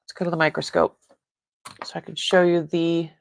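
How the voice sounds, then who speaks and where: A woman's voice: lowish voice, little pitch movement, moderate pace, vocal fry, no echo. Woman, live sale host, casual rambling chat, breaks off mid-thought, dry close sound. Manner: chats with viewers reading comments. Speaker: live online jewelry seller.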